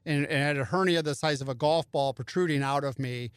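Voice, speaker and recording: A man's voice: on the high side, a little fast, clear, resonant tone, no echo, clean studio sound. A middle-aged man telling a story in a casual chat, and he acts out other people's lines in raised voices. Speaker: podcast guest.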